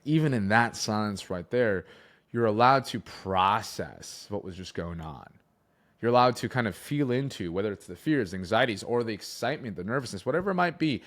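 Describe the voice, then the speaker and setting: A young man coaching on sales, talking to camera in an animated way, shifting his emphasis and pace for effect. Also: fairly low pitch.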